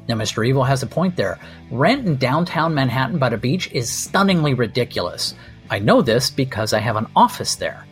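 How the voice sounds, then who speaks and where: A man's voice: mid-range voice, lively intonation, brisk, faint music behind. A man hosting a podcast, telling a comic story in a wry, sardonic and profane way. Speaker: podcast host. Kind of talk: comedic storytelling monologue.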